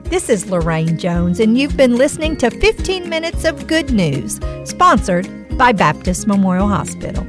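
A woman's voice: on the high side, sing-song, normal speed, few pauses, music in the background. A middle-aged woman hosting a podcast, telling a personal story with earnest emotion and reflecting on Bible verses. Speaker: podcast host.

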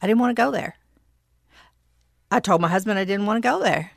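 A middle-aged woman telling a personal story, reflective and halting, with frequent pauses and restarts. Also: medium pitch, gravelly, no room sound, studio quality. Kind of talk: personal testimony.

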